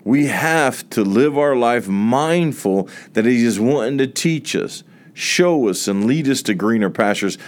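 Man preacher with a low voice, telling his story with emphasis and rising swells. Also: a little mellow. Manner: emphatic storytelling with repeated phrases. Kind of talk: sermon with a personal testimony.

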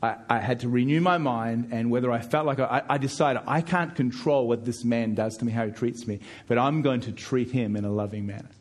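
A middle-aged man preaching a sermon as pastor, emphatic, with frequent repeated words as he pushes key points louder and higher. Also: a little fast, few pauses.

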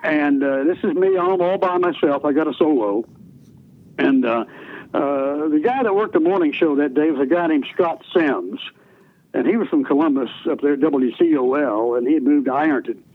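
This is a storytelling interview in which an older man, once a radio DJ, rambles through folksy tales of his radio career and restarts often. His pitch is fairly high and his pace moderate, heard through tinny phone-line radio audio.

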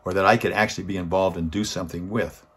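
A motivational speaker delivers his weekly inspirational talk, telling a story earnestly in a fast, husky voice with a steady tone. On key points he swells louder and higher.

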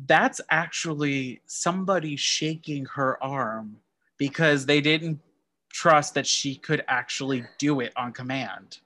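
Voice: mid-range voice, a little slow, bright, forceful tone, no echo. A podcast co-host sharing movie trivia in casual chat, often restarting sentences and correcting themselves. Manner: rambling, self-correcting delivery.

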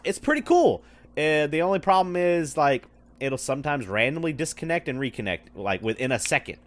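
A man's voice: on the high side, big pitch swings, fairly quick. A man co-hosting a casual podcast chat on a headset mic in an office, talking loosely with frequent swearing and laughs. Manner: loose and profane, laughs often. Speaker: podcast co-host. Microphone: wireless headset.

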